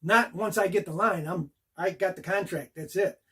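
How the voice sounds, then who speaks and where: An older man with a husky, somewhat high-pitched voice tells a story from his acting career straight to the camera. He talks casually and with animation, walking through each moment of the action step by step. The tone stays relaxed and personal. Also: moderate pace. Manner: animated, acts out the scene beat by beat. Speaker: actor telling a career story.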